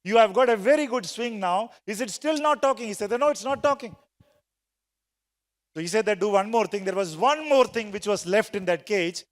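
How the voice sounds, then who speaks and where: High-voiced man giving a talk in a hall. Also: expressive, moderate pace. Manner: storytelling, prompting the audience to answer aloud. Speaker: sales trainer speaking at a conference. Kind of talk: motivational talk to a live audience. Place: large conference hall. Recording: long reverb of a big hall.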